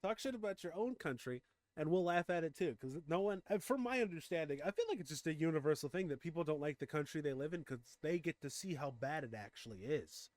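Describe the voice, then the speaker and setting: Male host, slightly high voice; blunt, casual, swears freely while reacting to memes. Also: animated, fast talker, dry recording. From United States.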